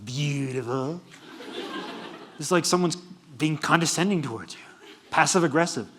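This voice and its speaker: A middle-aged man giving a humorous university lecture, animated and laughing at his own jokes. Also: on the high side, brisk, a little hiss or hum. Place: lecture hall.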